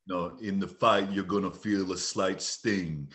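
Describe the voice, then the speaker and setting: A man doing an impression of a menacing crime boss, speaking slowly and threateningly. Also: steady tone, a bit bright. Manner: slow, low and threatening.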